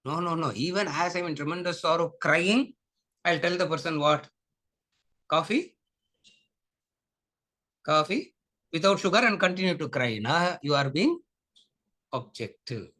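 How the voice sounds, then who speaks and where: A man's voice: on the high side, expressive, measured pace, long pauses, pushed and bright. A man with a Tamil English accent teaching a spiritual lecture class, repeating his points and often asking the class whether they follow, slipping Tamil phrases into his English. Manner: repetitive, questioning, mixes Tamil into English.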